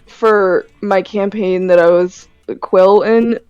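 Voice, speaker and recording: An excitable woman player chatting at a tabletop game. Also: mid-range voice, slow, clean tone, no echo, muffled recording, faint music behind. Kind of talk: casual chat at a tabletop game.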